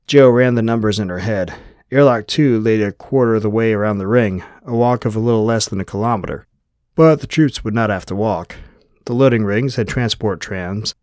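A man narrating an audiobook in an even, measured reading style. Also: fairly low pitch, no echo, studio quality. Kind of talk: scripted narration.

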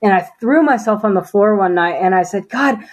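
A woman's voice: medium pitch, fairly quick, a little mellow, poor audio. Earnest woman telling her faith story. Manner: earnest storytelling, acts out remembered dialogue, frequent "you know" and "like". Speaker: interview guest. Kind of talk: personal faith testimony in conversation.

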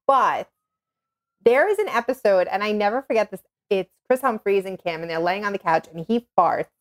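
A woman guest in casual chat, telling lively anecdotes. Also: medium pitch, moderate pace. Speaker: podcast guest.

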